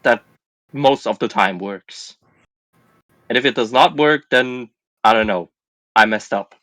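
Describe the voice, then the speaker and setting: A man's voice: medium pitch, measured pace, fairly bright tone, dry recording. A man hosting a livestream in casual chat, playful and laughing, often stumbling over his words. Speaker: stream host.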